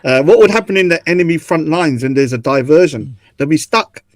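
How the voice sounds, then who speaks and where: A man's voice: fairly high pitch, lively intonation, brisk, dry recording. A man joining a live online panel, bantering casually and making mocking, provocative jokes. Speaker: panel guest.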